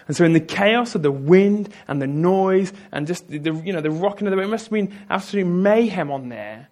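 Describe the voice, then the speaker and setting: A man delivers a sermon with a slightly high voice. He tells the story with vivid energy and keeps turning to his listeners with direct asides. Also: fairly quick. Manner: lively storytelling, addresses the audience directly. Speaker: preacher.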